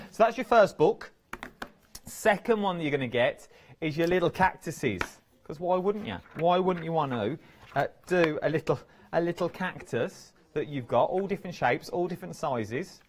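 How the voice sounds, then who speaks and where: A man's voice: a little high, normal speed, slight background noise. A man presenting crafts on a live TV shopping channel, chatty and playful. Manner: chatty, playful, lively banter. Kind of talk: live TV sales chat. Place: TV studio.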